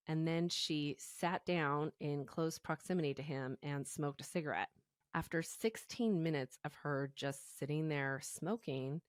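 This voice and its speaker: Low-voiced woman retelling a crime casually. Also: dry recording, studio quality. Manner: chatty, storytelling with fillers like "you know". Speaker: podcast co-host. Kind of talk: casual true-crime chat.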